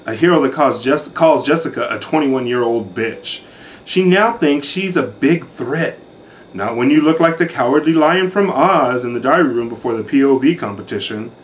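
A man's voice: medium pitch, animated, normal speed, slight background noise. A man giving a sassy, catty recap of a reality show in a campy, sarcastic manner.

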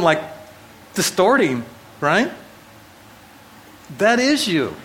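A man's voice: on the high side, fairly bright tone, slight background noise, low-quality recording. Conversational middle-aged male pastor preaching. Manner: conversational storytelling with self-deprecating humor; frequent restarts and asides to the audience. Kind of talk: sermon. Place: church hall before a live audience.

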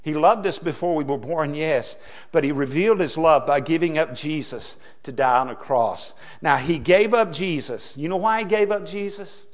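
A middle-aged man preaching a sermon as pastor, folksy, swinging from hushed asides to loud emphasis. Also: a little high, moderate pace.

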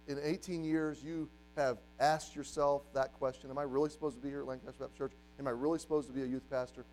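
Animated youth pastor preaching, slightly high. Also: male voice, a little hiss or hum, low-quality recording. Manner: animated, acts out voices of doubters and the devil. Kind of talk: sermon.

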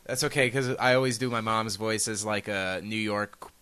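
A man's voice: on the low side, fairly even intonation, normal speed, bright, forceful tone, clean tone. Man joking crudely on a podcast. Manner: crude joking, frequent "like" fillers. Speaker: podcast co-host. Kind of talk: casual banter.

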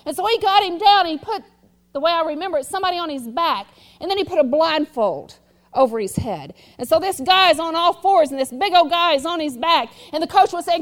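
A woman preaches a sermon from a church pulpit. Her voice is very high, and she delivers her message emphatically, often swelling into loud exhortation. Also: lively intonation, brisk. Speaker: pastor. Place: church sanctuary.

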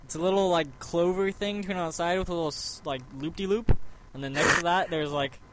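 A man's voice: high-pitched, steady tone, brisk, a bit bright. A man hosting a podcast, chatting casually and rambling animatedly about a book. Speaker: podcast host. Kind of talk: casual chat.

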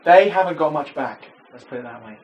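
A young man co-hosting a podcast, making deadpan jokes with stammering starts. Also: on the high side, fairly quick, highs cut off. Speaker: podcast co-host. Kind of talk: casual podcast banter.

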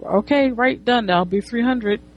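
A woman's voice: on the high side, a little slow, muffled recording, voice pushed up. A woman voicing a blunt, dismissive young woman from a comic who says whatever she wants. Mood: bossy. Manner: brusque and dismissive. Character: blunt, foul-mouthed young woman who doesn't care.

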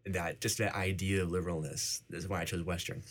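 A man's voice: low voice, little pitch movement, brisk. A young man, a university student, answering interview questions casually and rambling with many fillers. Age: young adult.

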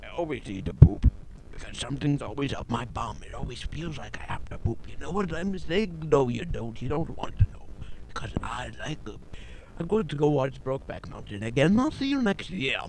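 A man's voice: medium pitch, big pitch swings, a little fast, creaky, noisy background. A man playing a goofy, crude self-styled British character who rambles on in an amateur comedy podcast.

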